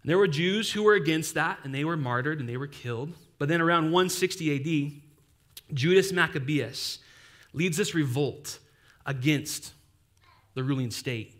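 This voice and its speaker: Young male pastor, slightly high voice, casual sermon with jokey asides. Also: normal speed. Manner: casual, animated preaching with playful asides.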